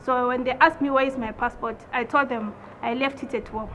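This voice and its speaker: A woman with a high voice gives a steady, matter-of-fact account in a documentary interview. A faint hiss of background noise runs behind her. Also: a little fast.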